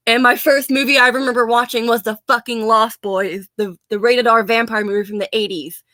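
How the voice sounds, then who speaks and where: A woman's voice: fairly high pitch, steady tone, normal speed, pushed and bright, no room sound. An American woman ranting in a casual vlog, blunt, profane and sarcastic, often laughing. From United States. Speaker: vlogger.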